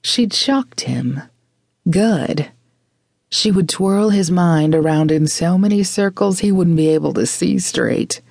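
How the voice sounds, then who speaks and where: Brief: woman audiobook narrator, measured and expressive, with a gravelly edge. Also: lowish voice, no room sound, studio quality. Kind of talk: scripted narration.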